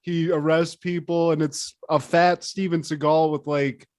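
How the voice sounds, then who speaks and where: A man's voice: fairly high pitch, little pitch movement, a little slow, darkish tone, no echo. Dry-sounding, joking male podcast host. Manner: joking and profane, laughs often. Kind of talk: casual chat.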